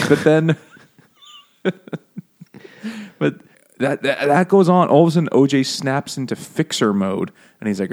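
A man's voice: a little slow, pauses often. A man co-hosting a comedic book podcast, talking casually and acting out quoted lines with sudden jumps in his voice. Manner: animated, acts out quotes in jumps of pitch. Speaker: podcast co-host.

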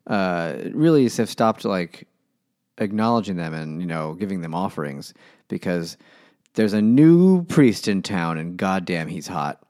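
A man co-hosting a casual comedic book chat, retelling the story in a wry, deadpan way. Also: sits low, a little slow, no room sound, studio quality. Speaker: podcast co-host.

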